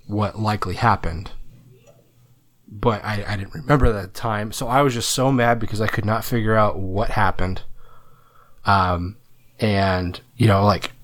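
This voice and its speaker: Rambling, cursing male podcast co-host. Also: fairly low pitch. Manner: rambling, swears freely. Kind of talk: casual chat.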